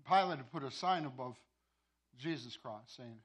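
A pastor telling a sermon story, with many repeated words and restarts. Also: male voice, mid-range voice, lively intonation, moderate pace.

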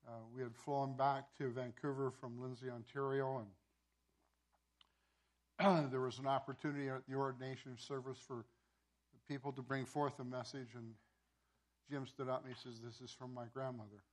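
A pastor telling a sermon story, with many repeated words and restarts. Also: male voice, mid-range voice, little pitch movement, moderate pace, pauses often.

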